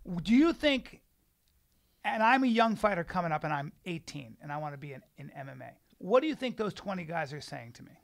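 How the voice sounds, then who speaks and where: Podcast cohost guy arguing, high pitched and rattling off words fast. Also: very animated, creaky. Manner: eager, argumentative, rapid-fire. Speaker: podcast co-host. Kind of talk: casual debate.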